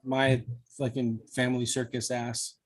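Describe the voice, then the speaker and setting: A man's voice: mid-range voice, flat delivery, unhurried. A man with children co-hosting a casual live stream, telling laid-back, profane stories. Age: adult, has children. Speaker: podcast co-host. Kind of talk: casual chat, storytelling.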